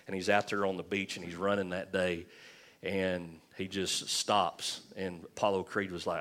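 Preacher guy, lowish voice, chatty sermon w/ jokes and lots of restarts. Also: little pitch movement, moderate pace, a bit bright. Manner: conversational and joking, with frequent restarts. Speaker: pastor.

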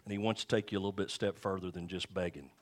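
Man, middle-aged, pastor, chatty sermon full of asides, lowish voice. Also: steady tone, rapid-fire. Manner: conversational preaching with asides and repeated phrases.

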